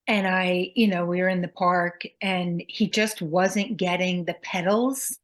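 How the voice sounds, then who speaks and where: A woman's voice: lowish voice, fairly even intonation, measured pace. A middle-aged woman co-hosting a podcast, talking candidly and reflectively about her own parenting mistakes. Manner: candid, confessional, acts out quotes in a sharper voice. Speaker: podcast co-host. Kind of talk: reflective casual chat.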